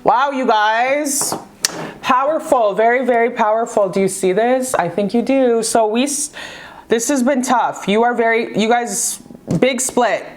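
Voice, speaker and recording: A woman reading tarot in casual chat, effusive and affectionate, swearing freely as she talks to viewers. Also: on the high side. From Canada. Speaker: tarot reader.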